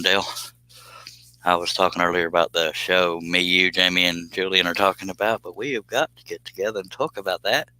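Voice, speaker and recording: A low-voiced American man with a sharp tone talks casually while woodworking on a live stream, frequently laughing and reading viewer comments out loud. The recording is dry and low in quality.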